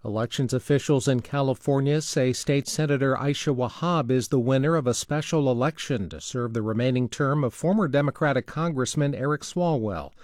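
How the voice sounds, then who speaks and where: Crisp male newscaster in a dry studio. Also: mid-range voice, a little fast, hardly any pauses, darkish tone, no room sound. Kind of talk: newscast reading.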